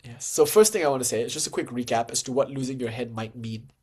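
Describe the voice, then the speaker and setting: A man delivering a relaxed, informal spiritual lecture at a mid-range pitch. His talk is loose and conversational, with frequent fillers. He keeps it animated, with sudden lively bursts of emphasis. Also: fast talker, breathy edge. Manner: animated, jumps to lively acted-out dialogue. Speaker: lecturer on Hindu tantra and philosophy.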